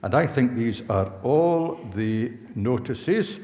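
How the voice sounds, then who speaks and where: A man reading the notices in a church service in a measured, courteous way. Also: mid-range voice, animated, warm tone. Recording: echoey church hall.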